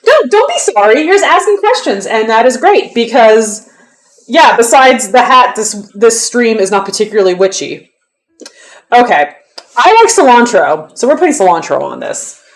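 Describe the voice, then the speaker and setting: A woman's voice: on the high side, sing-song, normal speed. A young woman chatting casually on a live stream, answering viewers' questions in a loose, talkative way. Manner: chatty, answers chat, counts reps under her breath.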